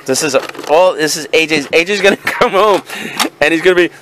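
With background noise behind him, a young video game reseller speaks briskly in a slightly high voice. He's vlogging a casual unboxing, chuckling and rambling through his haul with easygoing banter.

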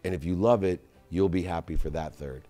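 Deep-voiced man telling stories. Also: warm tone, faint music behind. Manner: storytelling, slows down to stress advice. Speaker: guest entrepreneur. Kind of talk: casual podcast conversation.

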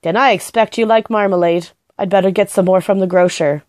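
A woman reading aloud and voicing a stout, motherly older housekeeper who exclaims and fusses in a high, fluttery voice. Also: fairly even intonation, a little fast, a little mellow, no echo, natural voice. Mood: brusque.

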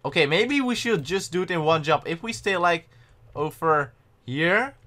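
A young man giving excitable, panicky gameplay commentary and often mocking his own mistakes. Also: a little high, normal speed. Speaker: gaming channel host.

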